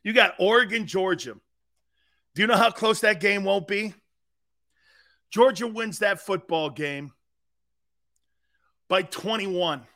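Brash, high-voiced male sports talk host. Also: takes it slowly, long pauses, sharp tone. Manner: brash, boisterous, laughs often.

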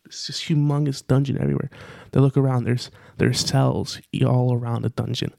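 Gravelly man telling a rambling story. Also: mid-range voice, fairly even intonation, fairly quick, warm tone, no room sound, clean studio sound. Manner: rambling, filler-heavy telling with repeated phrases. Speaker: podcast co-host. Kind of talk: casual storytelling.

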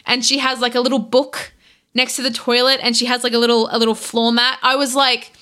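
A young Australian woman talks through a game she loves in a casual podcast chat. Her voice is bright and sits a little high, and she keeps slipping into quick acted-out lines from the story, laughing between them. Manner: animated, laughing, acts out game characters' lines. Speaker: podcast guest.

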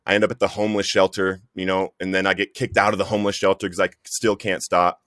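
A man's voice: deep voice, flat delivery, fast talker, fairly bright tone, no room sound, clean studio sound. A man giving an earnest, emotional personal testimony in conversation, often calling the listener "bro". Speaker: guest sharing recovery story.

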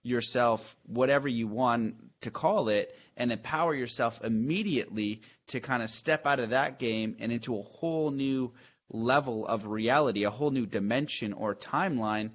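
Male host, enthusiastic, rambling questions, middle pitch, muffled lo-fi audio. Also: moderate pace. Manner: enthusiastic, searching, restarts his questions. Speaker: podcast host. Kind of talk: casual chat.

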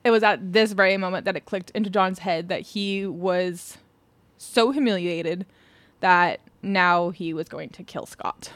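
A woman's voice: fairly low pitch, unhurried, fairly bright tone, no room sound. A woman co-hosting a podcast, casually retelling a true-crime case from her notes, laughing often and swearing offhandedly. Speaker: podcast co-host.

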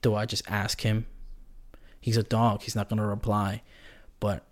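A man's voice: on the low side, flat delivery, normal speed. A man hosting a casual solo podcast, rambling and joking in a slangy way. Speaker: podcast host.

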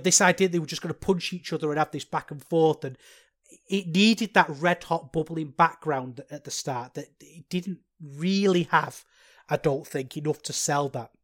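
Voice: medium pitch, moderate pace. A speaker giving a solo, casual wrestling match review in a rambling, chatty way with self-deprecating asides.

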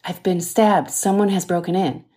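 A woman's voice: lowish voice, fairly even intonation, moderate pace, dark tone, breathy edge. A woman voicing a stabbed male nurse giving tense, urgent instructions, in an audiobook.

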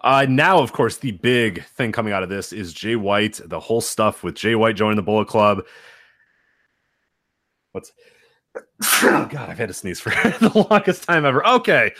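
A man's voice: on the low side, normal speed, no echo, studio quality. A man co-hosting a wrestling podcast, chatting casually and telling stories with easy laughs. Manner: laughs easily, animated storytelling. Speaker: podcast co-host. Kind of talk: casual chat.

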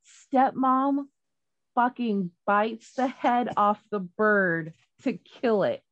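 A woman's voice: on the high side, lively intonation, extremely slow, dry recording, muffled recording. A woman retelling a story in casual chat, rambling and swearing freely, with many fillers and restarts.

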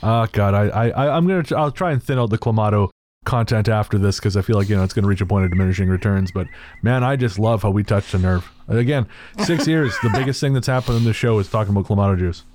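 A man co-hosting a podcast, talking in a halting way with restarts and self-deprecating laughs. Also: fairly low pitch, darkish tone, a little hiss or hum. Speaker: podcast co-host. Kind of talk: casual chat.

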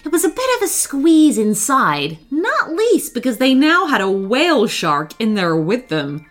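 A woman reading a children's bedtime story aloud, slow and expressive. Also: sits high, soft background music. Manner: slow, sing-song, expressive.

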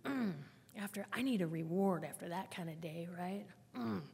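A woman with a somewhat low voice tells her recovery story to a group, frank and conversational, with a wry streak of humor. The recording carries a long reverb from a large hall. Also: normal speed, creaky, dark tone, slightly rough. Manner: candid, conversational, wry storytelling with frequent laughs. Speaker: speaker at a recovery meeting.

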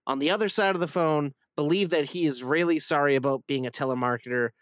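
A man hosting a podcast in casual, joking, animated chat with his co-host. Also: on the high side, fast talker, dry recording.

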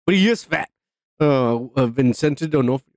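A man's voice: mid-range voice, animated, normal speed, darkish tone, no room sound, studio quality. A man co-hosting a casual podcast, reading viewer comments and joking in a rambling, profane way with lots of fillers. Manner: profane, rambling, many fillers and repeated yeahs. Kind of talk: casual drunk podcast banter.

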